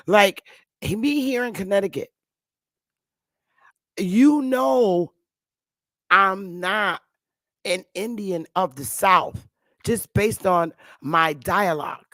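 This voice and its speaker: A woman's voice: medium pitch, fairly bright tone, no echo. Rambling fifties woman, dry sound. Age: 50s. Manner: rambling, repeats herself, calls listeners sweetheart and love. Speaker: channel host. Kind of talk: casual monologue. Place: Connecticut.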